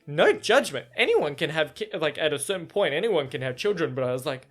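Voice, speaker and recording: A young man with a somewhat feminine voice, hosting a solo podcast in animated casual chat. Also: brisk, faint music behind. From Australia. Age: young adult. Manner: animated storytelling, frequent laughs, jumps into high-pitched acted quotes. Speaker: podcast host.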